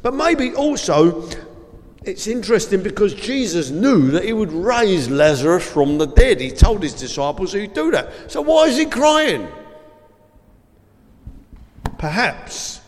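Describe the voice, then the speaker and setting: A man's voice: high-pitched, big pitch swings, a little slow, darkish tone. A man giving an informal school assembly talk, rambling and chatty with lots of fillers, and reading aloud from the Bible. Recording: long hall reverb.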